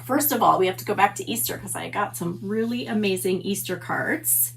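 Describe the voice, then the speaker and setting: A woman's voice: medium pitch, brisk, creaky, a bit bright, a little hiss or hum. A middle-aged woman hosting a papercraft livestream, chatty and gushing as she greets viewers by name. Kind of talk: casual livestream chat. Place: home stamp room.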